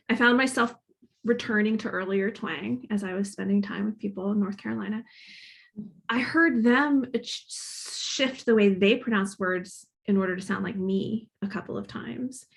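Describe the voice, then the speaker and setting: A woman's voice: medium pitch, gravelly, a bit bright. A woman in her thirties from Northern Kentucky with a Midwestern accent touched by Boston, speaking as a guest author in a casual, reflective way and thinking aloud. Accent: Midwestern with a slight Boston inflection. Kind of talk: casual conversational talk at a library author event.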